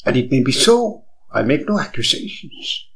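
A man's voice: on the high side, animated, normal speed, pitched above the performer's own voice, poor audio. A man voicing a cautious, prim middle-aged English insurance man who keeps insisting he accuses no one. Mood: insistent. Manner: insistent, prim, protesting innocence.

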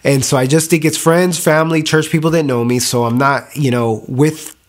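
A man's voice: a little high, steady tone, moderate pace. A young adult man giving an earnest, emotional personal testimony, speaking with frequent restarts.

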